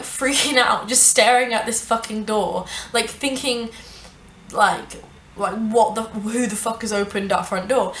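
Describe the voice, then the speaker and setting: A young woman with a raised voice tells a dramatic story for her vlog, swearing freely and stringing it together with "like". Her voice rings back off the walls of an echoey room, and faint noise sits underneath. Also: a little high. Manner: animated, sweary, lots of "like" fillers. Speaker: vlogger. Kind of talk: casual storytime narration.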